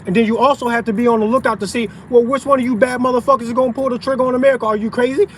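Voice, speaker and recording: A man's voice: extremely high pitch, steady tone, very fast, a little hiss or hum, rough recording. A man ranting profanely on a livestream, outdoors in a parking lot. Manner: profane, heated ranting, conversational slang. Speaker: open carry vlogger.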